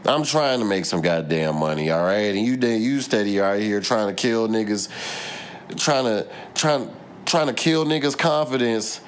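A man's voice: lowish voice, normal speed, a little hiss or hum. A man in a casual vlog, ranting with plenty of swearing and rambling asides while laughing at himself. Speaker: vlogger. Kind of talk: casual profane rant.

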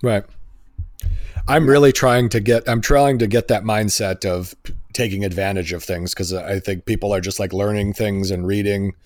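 A man co-hosting a podcast, chatting casually in a low-key way with short replies. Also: steady tone, moderate pace, darkish tone, no echo, studio quality. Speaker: podcast co-host. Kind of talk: casual chat.

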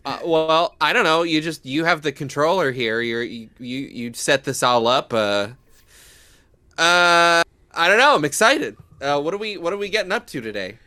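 A man's voice: fairly high pitch, expressive, moderate pace, bright, forceful tone, dry recording. A man co-hosting a podcast, joking and rambling in casual comedic chat. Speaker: podcast co-host.

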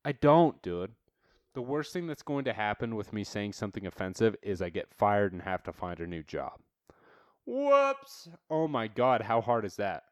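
A man's voice: lowish voice, normal speed, no echo, clean studio sound. A man hosting a podcast, delivering a profane, fired-up motivational rant, blunt and swearing constantly as he calls listeners dude. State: worked up and irritated. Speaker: podcast host.

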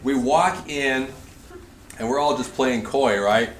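A man in his thirties speaking to a group, telling an animated story and laughing through it. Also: mid-range voice, slow pace, far from the mic. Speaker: conference speaker. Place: large indoor hall at a retreat facility. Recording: echoey hall, faint room noise.

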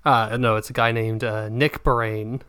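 A man's voice: mid-range voice, level tone, normal speed, a bit bright, clean tone. Laughing, rambling male podcast co-host. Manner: laughs often, swears casually, rambling restarts. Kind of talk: casual chat.

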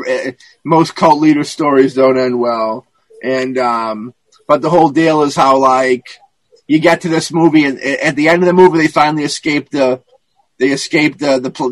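A man in casual podcast chat, retelling a film plot in a rambling, profane and animated way, with many restarts. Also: medium pitch, no echo, low-quality recording.

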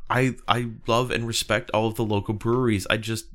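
A man co-hosting a casual podcast, chatty, with quick asides, reading items aloud from a list. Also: on the low side, level tone, fairly bright tone. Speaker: podcast co-host. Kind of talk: casual chat.

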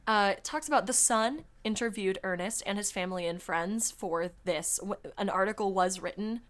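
A chatty woman hosting a podcast, speaking at a middling pitch. She talks quickly and fills her sentences with "like." She also reads articles aloud in a loose, casual way. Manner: chatty, fast, full of "like" fillers and laughs. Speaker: podcast host.

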